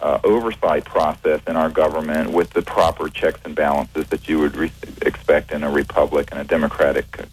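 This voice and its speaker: Very deep-voiced man with halting speech. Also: steady tone, husky, low-quality recording. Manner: measured, hesitant, many fillers and restarts. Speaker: guest, researcher. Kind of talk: radio interview.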